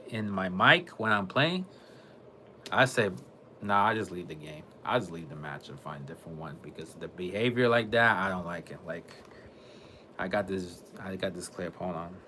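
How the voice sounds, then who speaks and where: A man with a lowish, bright voice talks casually to his viewers about gaming. He rambles, repeats himself and often restarts mid-sentence. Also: moderate pace, a little hiss or hum. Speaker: gaming vlogger. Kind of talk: casual monologue to camera.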